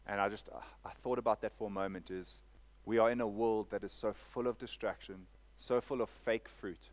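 A man's voice: on the low side, moderate pace. Preaching man. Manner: preaching with call-and-response "Amen?" and repetition. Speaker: pastor. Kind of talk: sermon.

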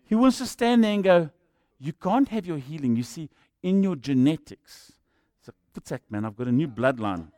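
A man's voice: fairly high pitch, expressive, normal speed, hardly any pauses, mellow, dry recording, studio quality. A man with a South African accent preaching a sermon as a jokey storyteller who acts out the people in his stories.

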